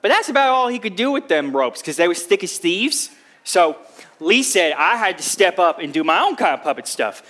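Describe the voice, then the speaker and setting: An actor on a theatre stage telling a long story as a poor drifter, in folksy, rustic speech. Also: male voice, high voice, very animated, normal speed, fairly bright tone. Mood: earnest.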